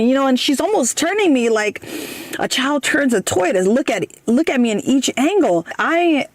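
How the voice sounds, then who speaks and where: A woman's voice: high voice, lively intonation, normal speed, no echo. A woman in her thirties telling a personal story in a casual, hesitant way, with many fillers, and she acts out the quoted lines. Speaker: guest storyteller.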